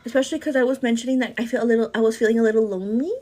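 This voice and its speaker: She races along in a mellow, steady, slightly high voice: a young pregnant livestream host from El Paso, Texas, giggling and chatting casually through her morning stream. She often tosses in "girl."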